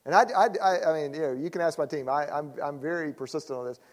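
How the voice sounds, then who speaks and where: A middle-aged man with a slightly higher voice gives a relaxed church teaching talk. He jokes with the crowd and teases people in the front row. He acts out quick bits of dialogue as he goes. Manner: conversational and joking, teases the audience, acts out quoted people. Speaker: pastor teaching church leaders.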